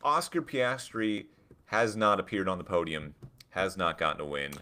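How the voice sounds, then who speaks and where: A man co-hosting a casual podcast, chatting and reading things out loud with mock drama. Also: sits low, moderate pace, smooth. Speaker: podcast co-host. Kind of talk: casual chat.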